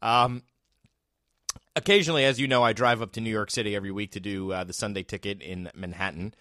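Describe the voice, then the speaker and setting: A man's voice: on the low side, steady tone, fast talker, pushed and bright, no echo, studio quality. A man hosting a trivia podcast in casual, joking banter, laughing often. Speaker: podcast host.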